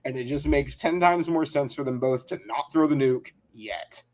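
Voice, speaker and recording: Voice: mid-range voice, normal speed. A podcast co-host in casual chat, emphatic and repeating key words for stress.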